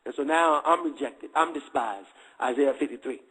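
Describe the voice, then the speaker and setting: Husky-voiced man telling his story. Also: a little high, normal speed, a bit bright, low-quality recording. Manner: streetwise slang, constant check-ins with listeners. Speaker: guest giving a testimony. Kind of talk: candid storytelling testimony.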